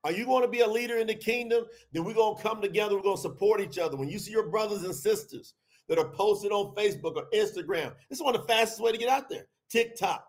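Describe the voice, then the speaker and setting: A middle-aged man giving a livestreamed scripture talk as podcast host, preaching fervently and shouting out at the peaks. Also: high voice, fast.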